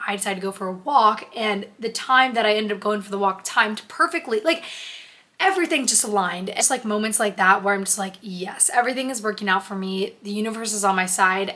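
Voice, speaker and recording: A woman's voice: mid-range voice, bright, forceful tone. A young woman vlogging in a chatty, gushing, earnest way, full of "like". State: emotional, close to tears. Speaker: lifestyle vlogger. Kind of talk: casual vlog chat.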